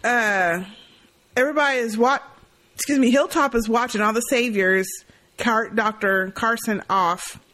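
A woman's voice: a little high, a little slow. A woman co-hosting a podcast, chatting casually as she recaps a TV episode and acts out lines from scenes. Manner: animated, laughs often, acts out lines from scenes. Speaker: podcast co-host.

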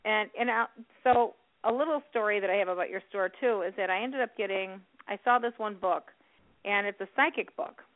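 A woman from Illinois hosts a call-in radio show. She chats in a warm, encouraging way. Her voice comes through a tinny phone line. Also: medium pitch, a little fast. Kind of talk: casual interview chat.

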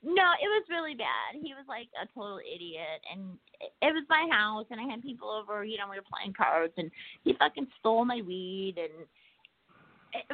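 A woman's voice: mid-range voice, no echo. A woman telling a heated story in casual chat, swearing a lot. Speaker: podcast co-host. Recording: dry tinny phone-like audio.

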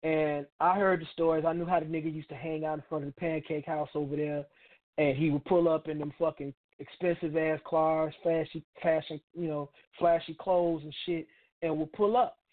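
A man's voice: fairly high pitch, little pitch movement, moderate pace. Blunt profane man on a tinny line. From Chicago, United States. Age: middle-aged. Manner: blunt, profane, street slang. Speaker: radio show host. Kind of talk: opinionated monologue.

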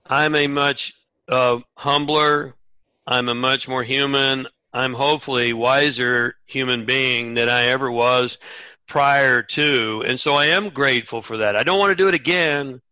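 A man's voice: mid-range voice, steady tone, bright, forceful tone, clear, resonant tone, no room sound, rough recording. A man speaking as a guest author on a radio interview, earnest and reflective, often restarting his sentences. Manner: earnest, halting restarts, acts out quotes in a raised voice.

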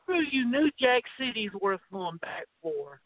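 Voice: mid-range voice, very animated, unhurried, no room sound. A podcast co-host talking about old films in a blunt, joking way, swearing often. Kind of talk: casual film chat. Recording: thin phone-like audio, dry.

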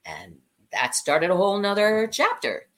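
A woman guest, a cabaret singer, telling stories from her career in an animated, conversational way and laughing often. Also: medium pitch, measured pace, background noise. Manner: lively anecdotes, acting out the voices of people she quotes; laughs often mid-story.

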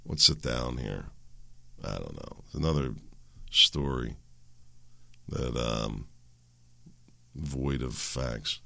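A man's voice: extremely low pitch, takes it slowly, creaky, pauses often, pushed and bright. A male radio show host giving rambling, conversational solo commentary and chuckling at his own remarks.

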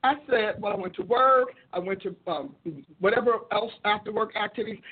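A woman's voice: medium pitch, fairly quick, slightly rough. A woman preacher hosting her show, telling a personal testimony as teaching, acting out quoted dialogue and repeating phrases for emphasis. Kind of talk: testimony-driven teaching talk. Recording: tinny phone-like audio.

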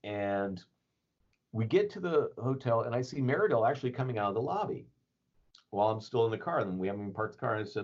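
On a podcast, a male guest tells a story in a loose, rambling manner, dropping plenty of fillers and chuckles. His mid-range voice is expressive, fast and a little mellow, captured in a dull lo-fi recording.

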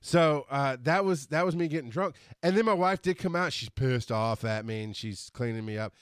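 A man hosting a podcast, telling a story in a casual monologue, animated and quick to laugh as he acts out scenes. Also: mid-range voice, clean tone, dry recording, clean studio sound. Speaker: podcast host.

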